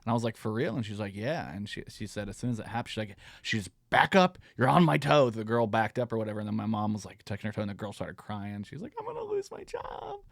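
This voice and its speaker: A man's voice: on the low side, fast talker, creaky, hardly any pauses, dry recording, studio quality. A man hosting a comedy podcast, telling rambling, profane stories and acting out what people said. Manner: rambling storyteller, swears a lot, acts out quotes. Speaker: podcast host. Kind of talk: casual comedy chat.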